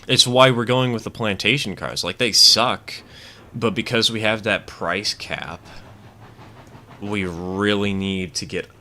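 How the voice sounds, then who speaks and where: Low voiced guy streaming a train game, kinda bright and punchy, rambles his opinions at chat. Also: unhurried. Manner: chatty, rambling and opinionated, with fillers. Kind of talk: casual gameplay commentary, reading chat.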